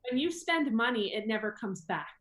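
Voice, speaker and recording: A woman guest on a casual podcast, talking about money in a lively way and acting out her own thoughts. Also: on the high side, normal speed, a crowd in the background. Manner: lively, acts out her own inner talk. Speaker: guest business consultant.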